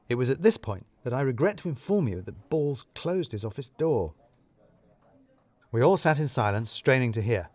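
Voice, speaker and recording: A man's voice: mid-range voice, darkish tone, no room sound. A man narrating a first-person story in a wry, dry, self-mocking way.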